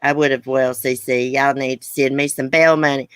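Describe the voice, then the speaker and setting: A woman's voice: rumbling low, little pitch movement, moderate pace, hardly any pauses, a bit bright, no room sound. A woman hosting a casual live chat with viewers, blunt and profane. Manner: blunt, angry and profane, then chatty. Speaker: livestream host.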